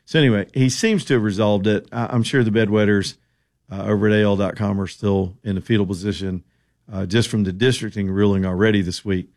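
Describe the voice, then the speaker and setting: A middle-aged man from the American South holds forth as a talk radio host. He speaks in a fairly low voice, sarcastic and folksy, rambling from point to point in an opinionated way. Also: steady tone, brisk, a little mellow.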